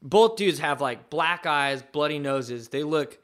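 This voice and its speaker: A man with a somewhat high voice telling a wild story as a podcast guest. He talks loosely and profanely, packing his sentences with fillers. The delivery stays animated and casual throughout. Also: a little slow. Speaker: guest, professional skateboarder.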